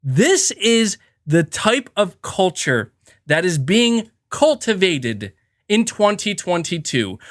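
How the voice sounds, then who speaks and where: A man hosting a podcast who launches into a heated, profane, emphatic rant, stumbling and restarting as he talks. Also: extremely high pitch. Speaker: podcast host.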